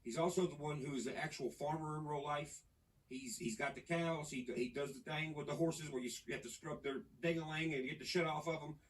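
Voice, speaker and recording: A man's voice: a little high, fairly quick. Man from Nashville, podcast guest, profane rambling storyteller; a bit distant mic, faint hiss. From Nashville, Tennessee. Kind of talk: casual podcast chat.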